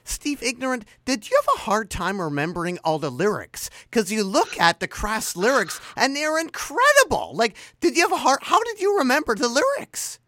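A man's voice: very high voice, huge pitch swings, moderate pace, hardly any pauses, bright, forceful tone, no room sound, clean studio sound. A man hosting an interview, asking eager, curious questions. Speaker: interviewer, host.

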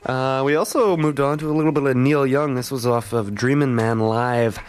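A man's voice: medium pitch, normal speed, a little hiss or hum. A man hosting a morning show in a radio studio, casually back-announcing songs with lots of fillers. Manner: laid-back, rambling with many fillers. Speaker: radio host.

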